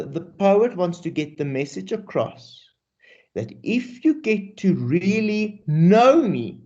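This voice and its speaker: A South African male teacher explains a poem at an unhurried pace, his pitch rising and falling with animation. His tone is mellow and relaxed, and he drops in questions to the class as he goes. The recording is dull and lo-fi. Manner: animated, mixes English and Afrikaans, rhetorical questions. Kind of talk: classroom poetry lesson.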